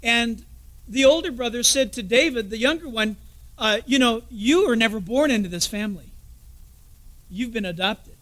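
A man preaching a sermon as pastor, telling a story and dropping into soft, confiding asides. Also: extremely high pitch, normal speed.

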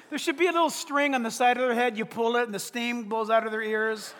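A male pastor preaching a sermon in a humorous, animated way, acting out little everyday scenes. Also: very high-pitched, fast talker, hardly any pauses, long reverb tail, a little hiss or hum.

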